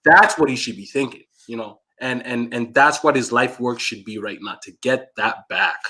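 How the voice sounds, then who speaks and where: A man co-hosting a relaxed fight podcast, talking through how things work at an easy, conversational pace. His voice has a bright, forward ring in a middle pitch. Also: moderate pace. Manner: explanatory, conversational, many fillers. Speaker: co-host. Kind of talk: casual podcast chat.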